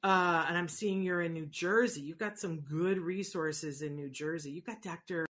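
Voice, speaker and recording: A woman's voice: lowish voice, moderate pace, fairly bright tone. A middle-aged woman hosting a casual advice talk, answering viewers in an earnest, encouraging way with frequent rhetorical asides. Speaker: host answering viewer questions.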